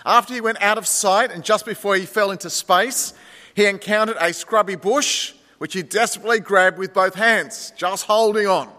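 A male pastor delivering a conversational sermon to his congregation. His voice sits high and sounds bright and clear. A long church reverb hangs behind every phrase. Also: moderate pace, hardly any pauses. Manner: conversational, addresses the congregation as friends. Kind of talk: sermon with a told story. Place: church sanctuary.

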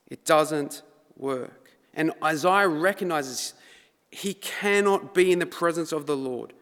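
Aussie guy preaching in a church, fairly high voice, talky then dramatic, long echo off the hall. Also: a bit bright. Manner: conversational, rising to dramatic emphasis. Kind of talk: sermon.

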